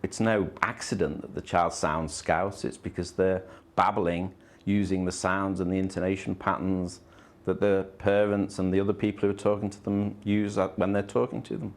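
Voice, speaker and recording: A man interviewed as a speech expert, explaining in a measured way. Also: sits low, little pitch movement.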